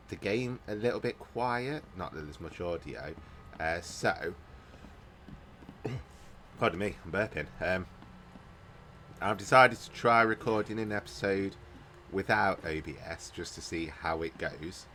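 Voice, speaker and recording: A man with a low, deep voice talks through a game as he plays, hesitating and thinking out loud. He sounds groggy, as if he just woke from a nap, and hiccups and burps now and then. A faint hiss sits under the recording. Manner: rambling, hesitant, thinking aloud. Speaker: gaming YouTuber. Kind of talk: casual let's-play commentary. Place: at home, recording without a camera.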